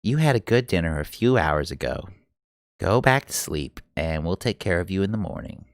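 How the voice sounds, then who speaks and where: A man voicing a lazy young man who talks to his pets in an unhurried, easygoing way. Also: low-pitched, very animated, creaky, dry recording, clean studio sound, heavily acted.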